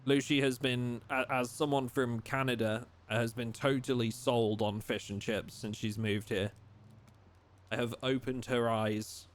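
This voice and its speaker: A young man chatting casually while streaming a survival game, reading chat aloud and thinking out loud. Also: medium pitch, fairly even intonation, a little slow. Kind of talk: casual live-stream commentary.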